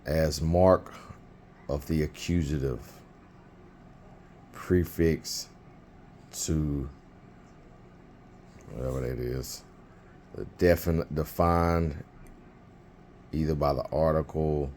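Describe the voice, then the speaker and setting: A man's voice: extremely low pitch, takes it slowly, pauses often, darkish tone, a little hiss or hum. A man teaching biblical Hebrew in an informal lesson, thinking aloud with fillers and restarts.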